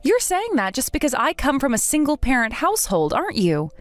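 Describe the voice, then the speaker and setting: Young woman, story lead, firm and indignant, lively higher voice. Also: brisk, faint music behind. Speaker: narrator and lead character. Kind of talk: dramatized story voice acting.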